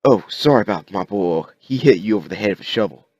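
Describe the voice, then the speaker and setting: A man voicing a calm, plain-spoken rural father who shelters his son, talking in a folksy way. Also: lowish voice, quick pace, slightly rough, no room sound, highs cut off.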